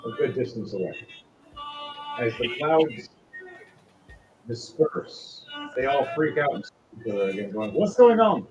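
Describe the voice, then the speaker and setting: A man's voice: medium pitch, measured pace, long pauses, over music. Game master guy narrating, voice going all over the place, kinda dull lo-fi sound. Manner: animated storytelling.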